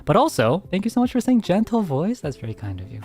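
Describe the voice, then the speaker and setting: Man, soft-spoken, hesitant, close-miked casual chat, faint music behind. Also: high voice, huge pitch swings, fast. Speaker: streamer answering viewer questions. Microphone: very close to the mic.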